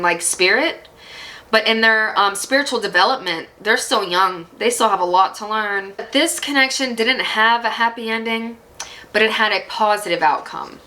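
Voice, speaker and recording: A woman's voice: medium pitch, rough recording. A woman giving a psychic tarot reading, talking straight to the viewer in an encouraging way and laughing often. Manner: emotional and animated at times. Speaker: tarot reader.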